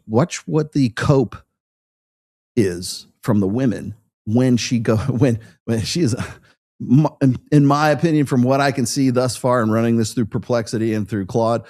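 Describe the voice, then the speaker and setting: Husky-voiced blunt male podcast host. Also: mid-range voice, a little mellow, dry recording, studio quality. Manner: blunt and profane, tags lines with "right?". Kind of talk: casual podcast talk.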